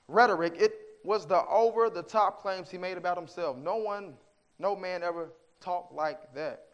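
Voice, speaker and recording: A man preaching a sermon, with emphatic delivery that swings from hushed to forceful, asking rhetorical questions and quoting scripture. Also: high voice, moderate pace.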